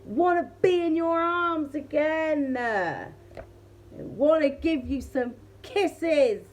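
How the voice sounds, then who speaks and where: A woman's voice: sits high, animated, slow. A woman tarot reader chatting casually to her viewers, laughing often and talking straight to the audience. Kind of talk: casual tarot reading chat.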